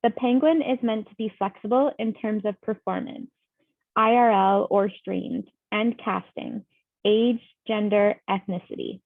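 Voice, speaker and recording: A woman reads stage directions in a measured, explanatory way. Her voice has a gravelly fry. The sound is tinny and phone-like, with no room echo. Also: mid-range voice, fairly even intonation. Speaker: play reader.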